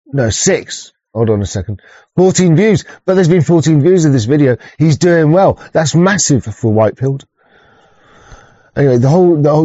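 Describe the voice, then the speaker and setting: A man's voice: medium pitch, warm tone, no room sound. A man, hosting a livestream in a rambling, profane chat with lots of restarts, heard through a dull lo-fi mic. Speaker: livestream host.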